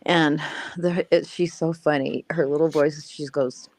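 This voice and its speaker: Low-voiced grandmother, chatty and swearing. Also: steady tone, measured pace, a little mellow, dry recording. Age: older. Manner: chatty, swears freely, laughs a lot. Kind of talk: casual live stream chat.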